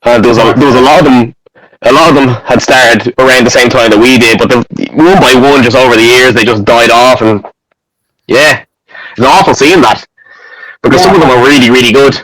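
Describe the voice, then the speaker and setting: An Irish man in casual interview chat. His stories come out blunt and full of swearing, at an ordinary middle pitch. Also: fairly quick, fairly bright tone, rough recording. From Ireland. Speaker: band member.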